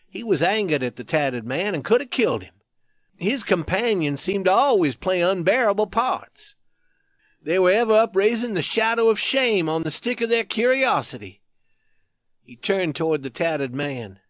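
A man narrating a war story in a measured, even audiobook style. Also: a little high, dry recording, dull audio.

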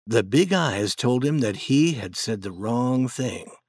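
A man narrating a storybook chapter in a plain, measured way. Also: medium pitch, animated, slightly rough, no echo, clean studio sound.

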